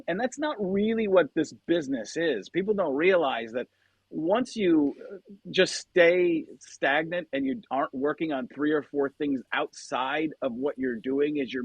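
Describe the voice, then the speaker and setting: A man, a comedian guest, talking in casual podcast chat, animated and quick to slip into impressions. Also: on the high side, husky, dry recording, lo-fi sound.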